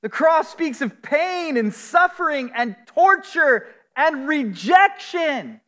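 Male pastor, high register, slow emphatic preaching, recorded in a reverberant sanctuary. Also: a bit bright. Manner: earnest, emphatic preaching with drawn-out stresses. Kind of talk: sermon. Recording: long hall reverb.

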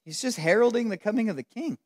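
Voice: mid-range voice, lively intonation, fast. A Bible teacher giving a casual, emphatic teaching, talking conversationally with frequent "like" fillers.

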